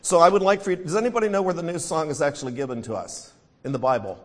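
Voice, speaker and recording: A man's voice: on the high side, rapid-fire. A man with an American accent preaching a sermon, reading scripture and talking through hymns. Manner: singing hymn lines between teaching; reads scripture aloud.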